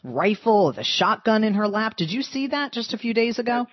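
A woman from Boston with a Boston accent, hosting a call-in radio talk show, chatty and lively with quick asides. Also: on the high side, dry recording, lo-fi sound.

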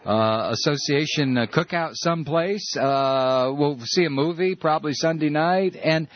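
A man's voice: on the high side, unhurried, hardly any pauses. A male radio talk show host taking calls, talking with passion and rant, often restarting his sentences. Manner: impassioned, ranting, many restarts. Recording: muffled lo-fi broadcast audio.

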